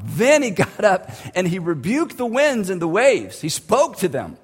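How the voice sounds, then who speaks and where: High-voiced preacher in a reverberant hall. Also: male voice, huge pitch swings, husky. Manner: vivid, conversational, dramatic pauses. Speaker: pastor. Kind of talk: sermon storytelling.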